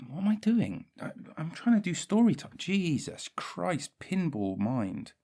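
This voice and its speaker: A man's voice: on the high side, sing-song, measured pace, gravelly, few pauses, dark tone. A young man hosting a solo podcast, rambling and self-mocking, with a lot of swearing. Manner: scattered, self-mocking, swears a lot, drifts into silly voices. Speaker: podcast host.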